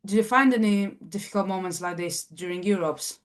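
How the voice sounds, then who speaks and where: Female coach as interviewer, halting delivery with fillers, asks follow-ups. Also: medium pitch. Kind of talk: casual interview chat.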